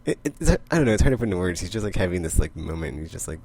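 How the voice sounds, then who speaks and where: A man's voice: deep voice, very animated, very fast, dark tone, husky. A man casually recapping comic books, rambling and full of "like". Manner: rambling, heavy use of "like". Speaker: comic book vlogger.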